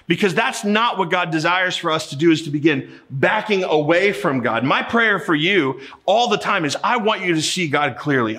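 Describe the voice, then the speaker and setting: A man's voice: high voice, pushed and bright. A middle-aged man from Ohio preaching a sermon as pastor, telling a personal story in a conversational way and often repeating words as he starts a sentence.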